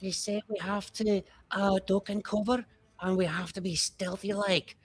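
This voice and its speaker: A game master voicing a cocky little orc boy who leads the other children, talking in a high, eager, boastful voice. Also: steady tone, normal speed, breathy edge, natural voice.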